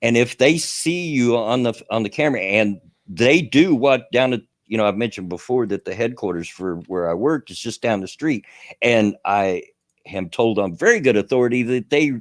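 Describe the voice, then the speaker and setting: A man's voice: mid-range voice, animated, moderate pace, no echo, clean studio sound. A man hosting a radio show, telling a rambling story in casual chat, chuckling often and full of fillers.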